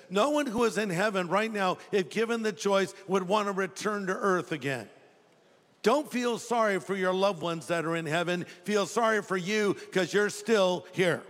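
A middle-aged man preaches a sermon in a relaxed, storytelling way, with some playful asides. His voice sits high for a man. The room gives it a long, ringing reverb. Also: normal speed. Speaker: pastor. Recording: long reverb of a large hall.

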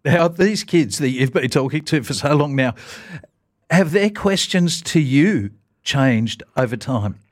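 A man's voice: on the high side, expressive, unhurried, no echo, clean studio sound. A male radio host interviewing a guest and prompting him with short questions. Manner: brief encouraging interjections. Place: radio studio.

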